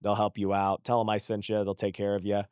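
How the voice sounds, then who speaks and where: A man in his thirties hosting a casual interview, affirming his guest and wrapping up with a relaxed plug. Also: lowish voice, fast, clear, resonant tone, no echo, clean studio sound. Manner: affirming, short backchannels, relaxed promo wrap-up. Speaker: podcast host.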